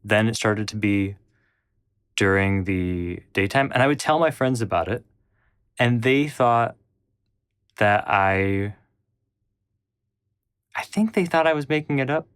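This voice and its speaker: Casting note: man with a low voice, recounting his past in a rambling way, dry close recording. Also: lively intonation, a little slow, pauses often, fairly bright tone, smooth, no echo. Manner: rambling, with frequent restarts and acted-out quotes. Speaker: channel host. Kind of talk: personal storytelling.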